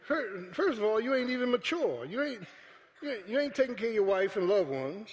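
A pastor preaching a sermon to his congregation, calling out to them and building up to shouts. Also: high-pitched, very animated, fairly quick. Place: church sanctuary. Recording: echoey church hall.

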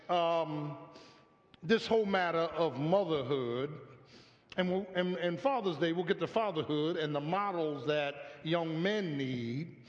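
A male pastor preaching a sermon in a church, calling for response from the congregation and repeating his words as he builds. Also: a little high. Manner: call-and-response preaching with repeated stammered phrases. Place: church sanctuary. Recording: echoey hall, dull lo-fi sound.

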